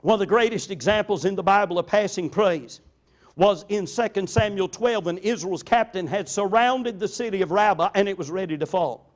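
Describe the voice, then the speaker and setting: Older pastor, man, fairly high voice, earnest sermon storyteller. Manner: earnest storytelling, slows down for emphasis.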